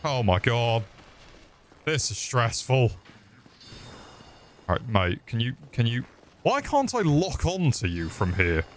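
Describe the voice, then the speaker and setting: A man's voice: medium pitch, very animated, takes it slowly, pauses often, a little hiss or hum. A young Englishman streaming a game, joking crudely, swearing often and chatting back to his viewers. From England. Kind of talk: live gameplay commentary.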